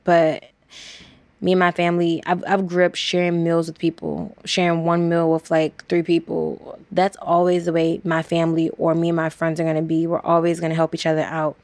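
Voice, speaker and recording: A woman in her twenties from Washington, D.C., a college student speaking candidly and quickly in an interview, acting out the exchanges she retells. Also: lowish voice, completely flat delivery, a little mellow, dry recording. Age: 20s. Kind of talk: recorded interview.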